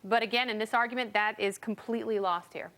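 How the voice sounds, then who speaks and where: High-voiced wisecracking woman host. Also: steady tone, a bit bright. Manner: wisecracking, quick jokes. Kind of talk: TV panel show banter.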